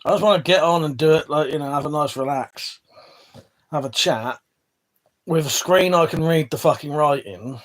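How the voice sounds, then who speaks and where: A man's voice: fairly high pitch, normal speed. An English man hosting a casual livestream, chatting loosely with viewers, swearing freely and trailing off mid-sentence. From England. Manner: swears freely, rambling and self-interrupting. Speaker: livestream host reading chat. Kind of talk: casual chat. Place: indoor room with weapon collection wall.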